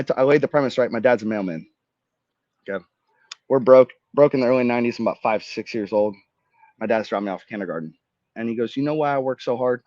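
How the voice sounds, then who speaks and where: A man's voice: on the low side, dry recording. A man in his thirties from Florida, a veteran telling stories as a podcast guest, acting out dialogue and swearing freely. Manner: animated storyteller, swears, acts out dialogue. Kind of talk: casual storytelling interview. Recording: dry, slightly dull podcast mic.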